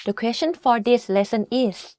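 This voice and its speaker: Brief: patient female teacher, deliberate explanations, dry studio sound. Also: on the high side, a little mellow, dry recording. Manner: slow, careful, demonstrative. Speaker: language teacher. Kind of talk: explanatory lesson.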